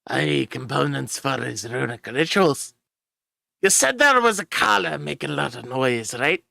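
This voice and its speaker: A gruff dwarf smith, as a game master puts him on, speaking bluntly with a gravelly, bright-edged voice. He drops aye and lad into plain talk. The sound is dry and close to the mic. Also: mid-range voice, very animated, a little slow, dry recording, pitched above the performer's own voice, exaggerated voice. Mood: explaining. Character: gruff old male dwarf runesmith, blunt. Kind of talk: in-character tabletop role-play.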